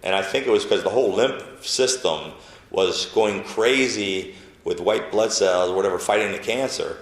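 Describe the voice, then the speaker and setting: A man being interviewed, telling a personal story in a halting, emotional way, with many restarts and a softer voice when he quotes people. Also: lowish voice, reverberant. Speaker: interview guest.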